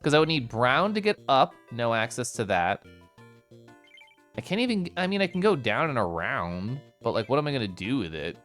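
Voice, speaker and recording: A man's voice: medium pitch, sing-song, normal speed, a bit bright, soft background music. Bubbly, giggly male game streamer. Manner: bubbly, giggly, chatting with viewers. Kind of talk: casual live-stream chat.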